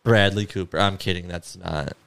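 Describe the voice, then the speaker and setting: A man's voice: sits low, fairly even intonation, moderate pace, gravelly, fairly bright tone, clean tone. A man co-hosting a podcast, laid-back and profane, chatting while watching a movie. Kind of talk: casual movie commentary chat.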